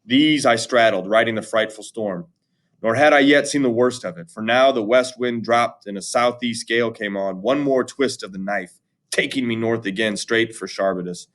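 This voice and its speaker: A man's voice: mid-range voice, moderate pace. Man reading an epic poem aloud. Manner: plain steady reading, slangy when explaining. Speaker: reader and explainer of an epic poem. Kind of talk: reading aloud with casual explanation.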